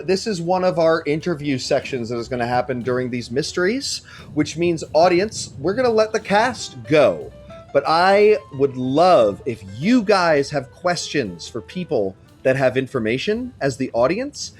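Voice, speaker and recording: A man narrating as game master, animated and casual, who swears freely. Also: a little high.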